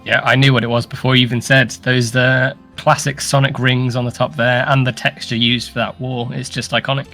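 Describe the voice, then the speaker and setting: A man's voice: medium pitch, flat delivery, brisk, few pauses, sharp tone, faint music behind. A man co-hosting a casual showcase, chatting enthusiastically and laughing easily. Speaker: co-host. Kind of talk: casual chat commentary on contest entries.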